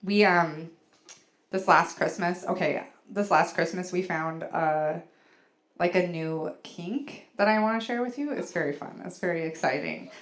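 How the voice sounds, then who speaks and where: A woman's voice: on the low side, unhurried. A woman comedian doing a bawdy stand-up set on a club stage, storytelling with lots of "like" fillers. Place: comedy club stage before a laughing audience.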